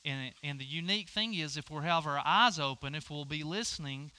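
A man's voice: a little high, a little fast, sharp tone. A man preaching a sermon, telling a personal story and acting out both sides of the conversation. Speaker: pastor.

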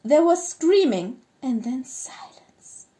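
A woman narrating a story she co-wrote in a brisk, steady reading manner. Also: high voice.

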